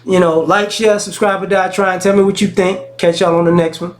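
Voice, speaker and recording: A man with a notably high speaking voice talks straight to his audience in a casual vlog. He tells stories in a frank, slangy way, often stopping and restarting mid-thought. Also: fairly even intonation, a little fast. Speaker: vlogger. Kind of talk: casual talking-head monologue.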